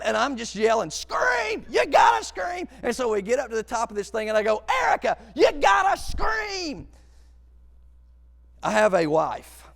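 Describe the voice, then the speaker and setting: Animated man with a gravelly voice. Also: high voice, long reverb tail. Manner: animated, acts out voices and shouts. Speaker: storyteller. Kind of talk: comic storytelling.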